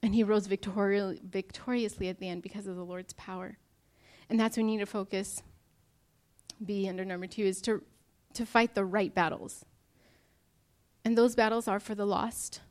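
A woman's voice: medium pitch, steady tone, normal speed, a little mellow. A young woman preaching a sermon to her church, earnest and emotional as she speaks to the congregation.

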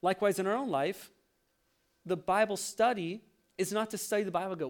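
A man's voice: high-pitched, expressive, fairly quick. A young man preaching a sermon, telling a self-mocking personal story with laughter. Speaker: pastor.

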